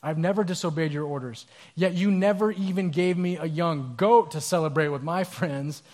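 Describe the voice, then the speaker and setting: A man's voice: a little high, expressive, measured pace. A man voicing a resentful dutiful older brother who complains in an indignant, self-righteous way.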